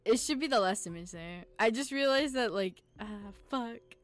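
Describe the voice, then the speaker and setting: A young adult woman streaming a game, chatting casually in an excitable, slangy way and quick to laugh and groan. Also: on the high side, faint music behind. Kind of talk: casual live-stream gameplay commentary.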